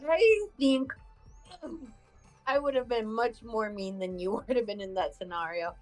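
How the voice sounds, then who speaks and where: A woman chatting casually on a stream, speaking quietly in short replies. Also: a little high, a little slow, faint music behind, poor audio. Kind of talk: casual chat.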